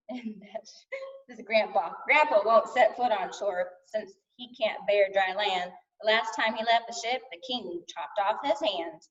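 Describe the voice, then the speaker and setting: A woman teacher reading a storybook aloud to kindergartners in an expressive, sing-song way. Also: medium pitch. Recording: distant dull lo-fi sound.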